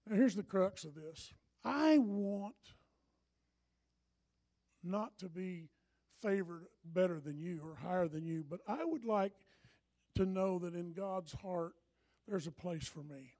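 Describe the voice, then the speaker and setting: An older man preaching a sermon as pastor, telling stories and swinging from hushed asides to loud urging. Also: sits high, takes it slowly, pauses often.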